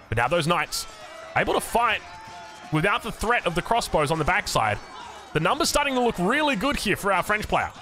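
Lively Australian man casting a game. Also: on the high side. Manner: chatty, self-mocking asides. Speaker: game caster. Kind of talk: esports commentary.

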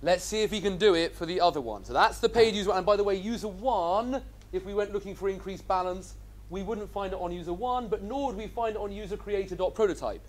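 A man's voice: sits high, fast. A man teaching a programming class, upbeat and quizzing his students as he goes. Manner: enthusiastic, asks the class questions. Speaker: instructor. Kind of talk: live coding lecture.

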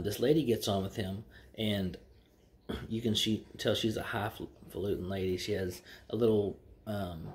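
A man telling jokes in a folksy, rambling way, with fillers. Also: lowish voice. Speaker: joke teller. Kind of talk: casual joke telling.

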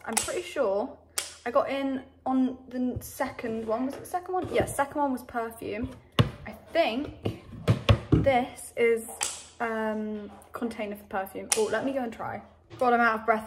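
A woman's voice: on the high side, background noise. A young woman chatting casually to camera at home in her bedroom, rambling and saying "literally" and "like" a lot. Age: young adult. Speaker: vlogger. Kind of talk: casual vlog chat.

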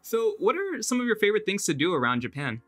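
A man's voice: high voice, big pitch swings, fast, fairly bright tone, soft background music. A young man hosting a casual interview over a video call, friendly and sometimes tripping over his words. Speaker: interview host.

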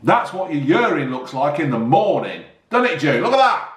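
A man's voice: fairly high pitch, big pitch swings, moderate pace. A middle-aged man casually reviewing a drink, rambling and joking, calling his viewers folks. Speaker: product reviewer. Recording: echoey room.

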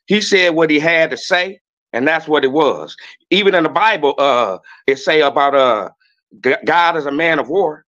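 A man who is a guest on a podcast, ranting in a loud, blunt and profane way and often restarting his sentences. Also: a little high, muffled recording. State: a little nervous. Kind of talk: heated rant on a podcast.

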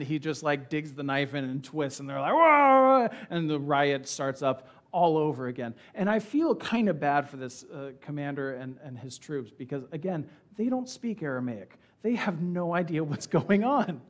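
Animated storytelling male preacher. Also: fairly high pitch. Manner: conversational, animated storytelling with acted-out quotes. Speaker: pastor. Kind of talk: sermon. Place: church.

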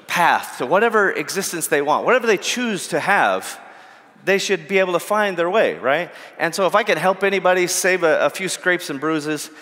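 A man's voice: fairly high pitch, bright, forceful tone, long reverb tail. A man giving a humorous, self-deprecating keynote talk at a live event, telling jokey stories on stage. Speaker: keynote speaker. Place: large hall at a live event.

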